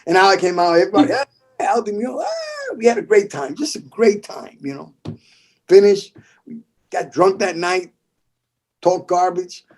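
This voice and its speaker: A middle-aged man from the Bronx with a New York accent, telling stories in a casual interview, animated and swearing, acting out the voices of people in them. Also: high-pitched, normal speed, long pauses. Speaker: guest percussionist.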